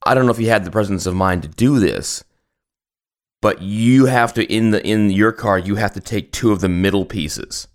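Male co-host, lowish voice, teasing side comments. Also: normal speed. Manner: teasing, dry interjections. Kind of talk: casual chat.

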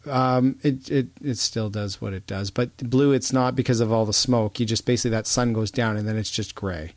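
A man co-hosting a casual photography podcast, talking in a relaxed, halting way and often repeating words. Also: mid-range voice, no echo. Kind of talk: casual chat.

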